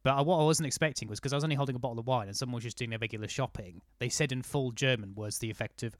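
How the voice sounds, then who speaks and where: A man's voice: mid-range voice, rapid-fire, hardly any pauses, no echo, studio quality. A man in casual chat, telling rambling anecdotes full of fillers and restarts.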